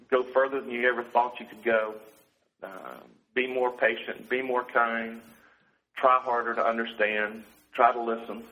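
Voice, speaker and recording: A man with a bright, forward voice shares a personal testimony. He speaks earnestly and often softly, with a heartfelt tone. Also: medium pitch, low-quality recording. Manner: earnest, heartfelt, soft-spoken. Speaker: guest sharing a personal testimony.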